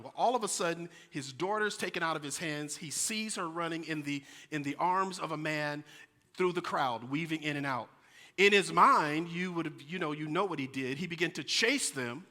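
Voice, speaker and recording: Bright-voiced pastor preaching a sermon. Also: male voice, sits high, big-room sound. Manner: storytelling, animated, addresses congregation. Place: church sanctuary.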